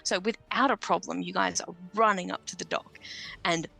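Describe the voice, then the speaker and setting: A woman's voice: on the low side, fairly even intonation, moderate pace, gravelly, sharp tone, faint music behind. A woman narrating as game master of a tabletop game, casual in rules talk and lyrical when she sets the scene. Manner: descriptive, casual with fillers, lyrical in scene-setting.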